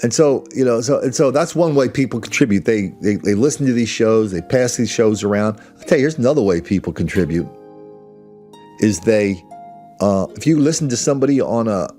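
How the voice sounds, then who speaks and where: A man's voice: fairly low pitch, expressive, fairly quick, mellow, faint music behind. Blunt, rambling male podcast host. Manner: rambling, with many restarts and asides; blunt and combative. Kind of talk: solo opinion monologue.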